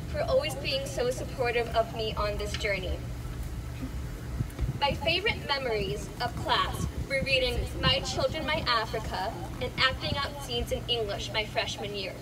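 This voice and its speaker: A woman's voice: sits high, distant mic, background noise. A young woman in her late teens giving an earnest prepared graduation speech.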